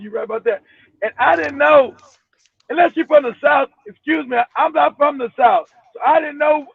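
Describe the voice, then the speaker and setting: A man's voice: very high-pitched, vocal fry, dry recording. A man from Los Angeles hosting a casual podcast chat, a profane storyteller who laughs as he talks, heard over a tinny phone-like line. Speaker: host.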